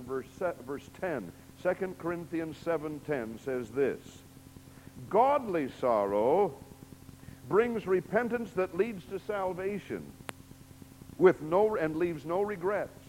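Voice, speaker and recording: A male preacher delivering a sermon in a church sanctuary, his voice sitting a bit high for a man. He reads scripture dramatically, swinging between hushed lines and loud, emphatic ones. A long reverb trails off every phrase. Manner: dramatic, emphatic reading with big swings in loudness.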